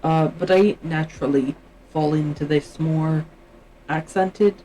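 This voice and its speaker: A woman's voice: low-pitched, fairly even intonation, measured pace, mellow, a little hiss or hum, low-quality recording. A Canadian woman chatting casually on her livestream, musing aloud and often trailing off mid-thought.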